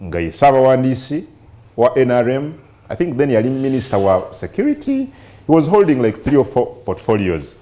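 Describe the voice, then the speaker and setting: A Ugandan man presenting a press review, reading newspaper passages aloud in a measured way and discussing them in English and Luganda. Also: medium pitch, big pitch swings, mellow.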